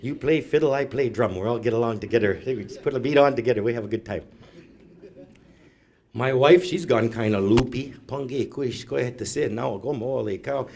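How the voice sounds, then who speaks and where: A man's voice: mid-range voice, normal speed, vocal fry, darkish tone, a little hiss or hum. A middle-aged man doing stand-up storytelling, rambling and self-mocking, tagging "eh" onto his lines. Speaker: comedian. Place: live event room.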